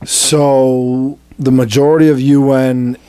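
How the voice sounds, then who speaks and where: A man's voice: medium pitch, flat delivery, slow pace, warm tone, clear, resonant tone. A man co-hosting a satirical podcast, swearing freely and ranting with crude humor. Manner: profane, ranting, crude jokes. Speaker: podcast co-host. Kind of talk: casual satirical chat.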